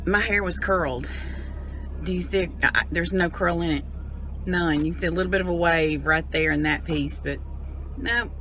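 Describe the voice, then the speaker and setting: A woman's voice: on the low side, moderate pace, fairly bright tone, slight background noise. A woman with a Southern US accent, chatting and rambling to her camera as a vlogger, in a car and out of doors. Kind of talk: casual chat to camera.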